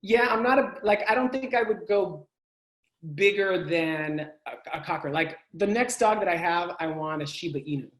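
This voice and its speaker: A man interviewing a guest over a video call, animated and quick to laugh. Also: sits high. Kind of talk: casual video-call conversation. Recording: echoey room on a video call.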